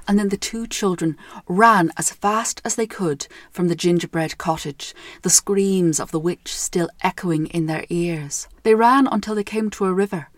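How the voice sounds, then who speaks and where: A young Irish woman narrating a storybook tale in a gentle, measured way. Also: medium pitch, no room sound, clean studio sound.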